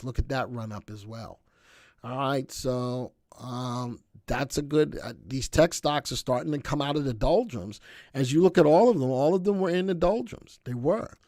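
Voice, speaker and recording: A man hosting a live stock market stream, talking in a chatty, energetic way and answering viewer comments as he goes. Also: medium pitch, no room sound, studio quality. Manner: chatty and energetic, often checking in with "all right?". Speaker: stock market show host.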